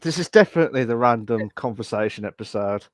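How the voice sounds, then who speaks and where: A man's voice: medium pitch, lively intonation, fast talker, dry recording. A man co-hosting a podcast in casual chat, laid-back and swearing casually. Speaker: podcast co-host.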